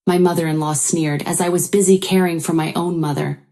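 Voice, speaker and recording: Brief: woman narrator, lowish mellow voice, steady measured storytelling. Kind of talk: scripted first-person story narration.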